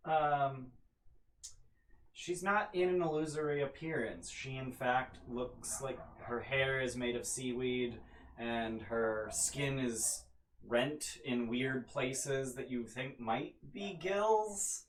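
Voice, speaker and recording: A man running a tabletop game as game master, narrating events in a relaxed way full of fillers. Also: mid-range voice, echoey room, poor audio. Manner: relaxed, filler-heavy descriptions.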